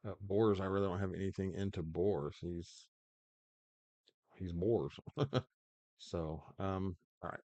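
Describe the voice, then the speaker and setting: A man's voice: sits low, takes it slowly, long pauses, darkish tone, no room sound. A man hosting his own gaming channel, rambling through mobile game commentary with lots of fillers and restarts. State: hiccups.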